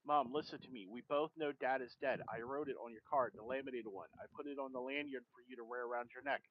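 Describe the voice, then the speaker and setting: A man's voice: medium pitch, fast, dry recording, lightly acted. A man reading the part of a worried adult daughter urging her mother to move, in a dull lo-fi recording. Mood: urgent. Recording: dull lo-fi stream mic with faint noise.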